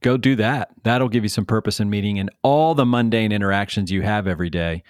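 A man with a somewhat low voice co-hosts a podcast, backing up his partner with steady affirmations. He talks in an encouraging way and sometimes trails off and starts his thought again. The sound is dry and close to the mic. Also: a little fast, no room sound. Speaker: podcast co-host. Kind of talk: casual conversational podcast.

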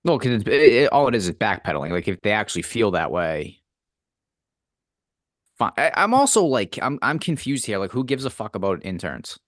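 A man's voice: lowish voice, sing-song, a little fast, no room sound, clean studio sound. A man co-hosting a podcast in casual chat, blunt and dismissive, swearing often. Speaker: podcast co-host.

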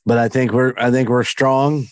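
A man's voice: mid-range voice, fairly even intonation, normal speed, no echo. A man hosting a podcast in casual chat, enthusiastic and rambling. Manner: enthusiastic, rambling, many restarts. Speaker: podcast host.

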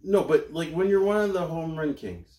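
A man's voice: fairly high pitch, moderate pace, a little mellow. A man co-hosting a podcast in casual chat. He talks playfully and jokes around, often dropping into silly voices. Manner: playful, jokey, bursts into silly put-on voices. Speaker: podcast co-host. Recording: roomy sound, mic at a distance.

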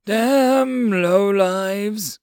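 A man's voice: high-pitched, very slow, a little mellow, clean tone, dry recording, studio quality, pitched above the performer's own voice. A man voicing a wounded, raging holy warrior man who screams curses and battle cries in an audiobook reading. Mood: furious.

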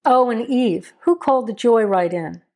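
A woman voicing a stern, steady male small-town sheriff who gives firm, measured commands. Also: a little high, close to an everyday voice.

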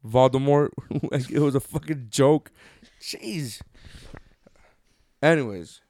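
A man's voice: mid-range voice, takes it slowly, a little mellow, dry recording. A man in his thirties co-hosting a casual chat with his wife, joking and teasing as he retells a story. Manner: joking, swears freely, teasing. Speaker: podcast co-host.

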